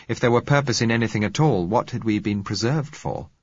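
A man with a very low, husky voice narrates an audiobook in a measured, reflective first-person reading. The sound is dry and close, with a dull, lo-fi quality. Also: no echo.

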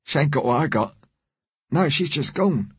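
A man voicing a dying, rough-spoken London working man, blunt and slangy, sounding weak and sickly. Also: a little high, animated, moderate pace, dry recording, pitched above the performer's own voice. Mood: gruff. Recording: dull, muffled recording.

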